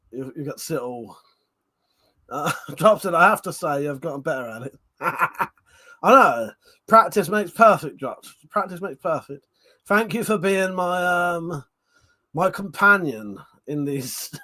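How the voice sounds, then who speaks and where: A man's voice: on the high side, a bit bright. Crude, laughing man streaming. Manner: crude, swears a lot, laughs often. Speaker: livestream host. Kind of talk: casual chat with live chat.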